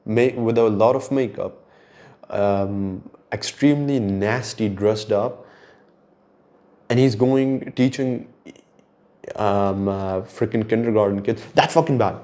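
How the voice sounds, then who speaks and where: Low-voiced man musing casually. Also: takes it slowly, pauses often, dark tone. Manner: reflective, rambling, swears casually. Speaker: podcast host. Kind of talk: casual monologue.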